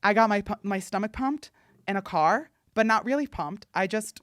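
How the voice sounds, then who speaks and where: A woman's voice: medium pitch, animated, moderate pace, no room sound. Young woman podcast host, dry sound. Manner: filler-heavy, acts out quotes loudly. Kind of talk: casual storytelling.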